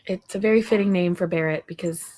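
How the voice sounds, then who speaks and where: A woman's voice: on the low side, fast, darkish tone. A young woman hosting a casual livestream from her home, chatting in a rambling way with viewers and stopping now and then to talk to her dog. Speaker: livestream host.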